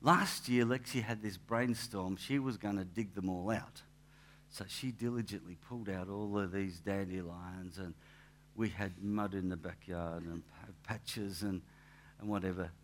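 A man's voice: low voice, unhurried, slight background noise. Man, pastor, conversational sermon, anecdotal, frequent restarts. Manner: chatty, anecdotal, restarts and asides. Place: church.

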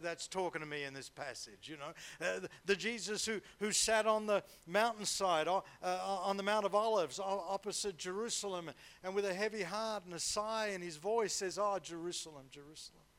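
A man's voice: high-pitched, normal speed, fairly bright tone. A man preaching a sermon in a conversational way, repeating words and checking in with 'right?'.

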